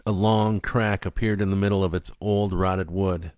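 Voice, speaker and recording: A man narrating a dark story in a slow, even, low-key reading voice. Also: clear, resonant tone, no echo.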